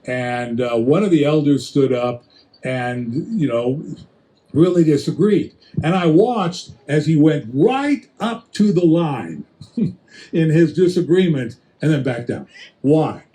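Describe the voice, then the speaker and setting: A man preaching in a conversational Bible-teaching style, addressing listeners directly with quick restarts and acted-out asides. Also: a little high, expressive, warm tone, rough recording.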